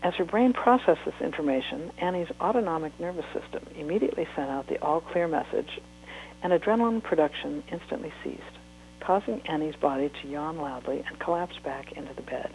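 Woman author, reading aloud, steady, unhurried, faint hum. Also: sits low, low-quality recording. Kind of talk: reading a book excerpt aloud.

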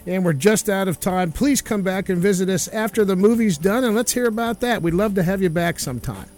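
A man's voice: high-pitched, a little fast, darkish tone, soft background music. A man hosting a radio interview, folksy and encouraging as he talks to his guest and listeners. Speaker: radio host.

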